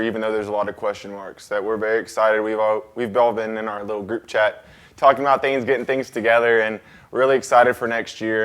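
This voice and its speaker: Low flat-voiced teenage boy. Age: teens. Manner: earnest, plain-spoken, hesitant fillers. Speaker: student guest. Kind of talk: casual interview.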